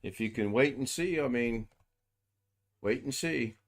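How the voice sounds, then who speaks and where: A man's voice: medium pitch, unhurried. A man hosting a casual live stream, chatting loosely and reading out viewers' names. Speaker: livestream host.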